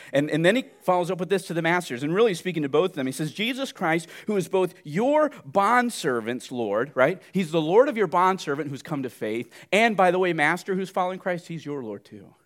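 A man preaching a sermon, animated, jumping from loud outbursts to hushed asides. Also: medium pitch. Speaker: pastor.

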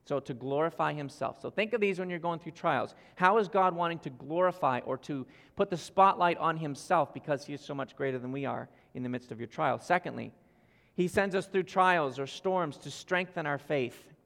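A man preaching a sermon as pastor, earnest and speaking straight to his congregation, swinging between loud emphasis and soft asides. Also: a little high, normal speed, creaky. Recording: long hall reverb.

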